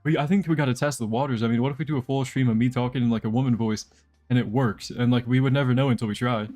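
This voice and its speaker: While playing a game live, a young man jokes and rambles casually to his viewers over faint background music. He speaks fast, with a medium-pitched, steady and dark-toned voice.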